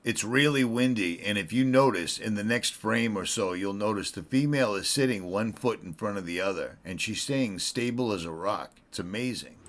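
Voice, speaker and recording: A man's voice: lowish voice, moderate pace, few pauses. A man filming wildlife outdoors on a windy, snowy mountainside, speaking with his face right against the camcorder's mic and tossing in wry, self-mocking jokes. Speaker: wildlife videographer. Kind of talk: on-the-spot wildlife vlog commentary. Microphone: camcorder mic held very close to the face.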